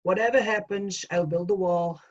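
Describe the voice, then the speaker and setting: A man's voice: high-pitched, steady tone, moderate pace, lo-fi sound, lightly acted. A man doing an impression of a boastful older tycoon who praises himself at every turn. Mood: bragging.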